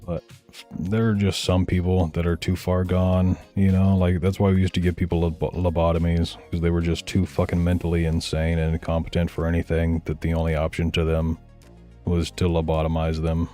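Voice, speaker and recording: A man holds forth in casual ranting commentary, swearing freely and hammering his points bluntly. His voice sits very low, with a dark, mellow tone. Faint music plays under him. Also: completely flat delivery, a little fast. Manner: blunt, profane, heated. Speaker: streamer reacting to videos.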